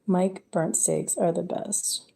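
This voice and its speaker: A woman's voice: fairly low pitch, fairly even intonation, takes it slowly, creaky, mellow. A woman chatting casually and candidly on a live stream from home, rambling from one thing to the next. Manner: rambling, candid, drifts into whispers at times. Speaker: livestreamer.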